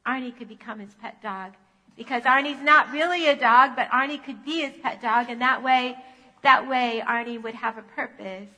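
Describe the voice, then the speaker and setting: A woman pastor telling a children's story in a church sanctuary, animated in manner. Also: on the high side, moderate pace, long reverb tail, low-quality recording.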